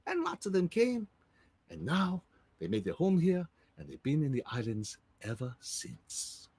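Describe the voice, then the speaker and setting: Animated husky Hawaiian storyteller man. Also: fairly high pitch, a little slow, no echo. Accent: Hawaiian Pidgin. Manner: lively, animated with sound effects. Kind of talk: live storytelling of legends.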